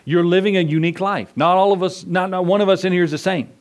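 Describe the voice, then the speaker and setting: Conversational preaching man, higher voice. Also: steady tone, fast. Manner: conversational, acts out voices in stories. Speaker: pastor. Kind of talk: sermon.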